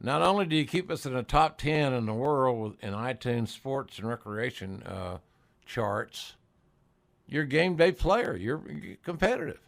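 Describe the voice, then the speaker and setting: A man's voice: medium pitch, animated, measured pace, vocal fry. Folksy older man hosting a podcast. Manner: folksy, salty, chuckling storyteller. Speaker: podcast host. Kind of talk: casual interview chat.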